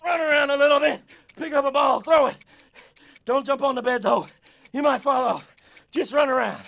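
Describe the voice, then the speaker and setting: A loud, pushy football coach in a scripted exercise video, jokey and coaxing. His voice sits very high for a man and has a gravelly, fry-edged grain. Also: normal speed, heavily acted. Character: upbeat male football fitness coach. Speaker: coach leading an exercise break.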